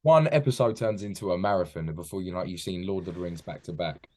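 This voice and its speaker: A man's voice: sits low, fast talker, over a noisy crowd. A man from England with a British accent, a chatty podcast guest on a video call who keeps saying mate. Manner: chatty, says "mate" often. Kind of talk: casual podcast chat.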